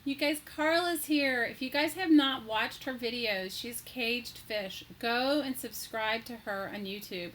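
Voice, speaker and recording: A woman's voice: on the high side, measured pace, few pauses, fairly bright tone, slight background noise, poor audio. A woman hosting a casual live crafting stream, chatty and greeting viewers by name, gushing with delight. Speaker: craft livestream host.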